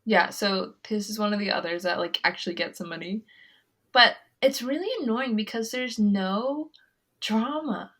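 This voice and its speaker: A young woman co-hosting a podcast, talking casually with quick asides and lots of filler words. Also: medium pitch, a bit bright. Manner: chatty, giggly, quick asides, many "like" fillers. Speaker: podcast co-host. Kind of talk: casual chat.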